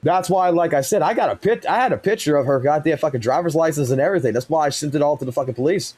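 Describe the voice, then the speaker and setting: A man's voice: on the high side, very fast, a little mellow, breathy edge. A man in his thirties telling a story on a live stream, blunt and heated, swearing constantly.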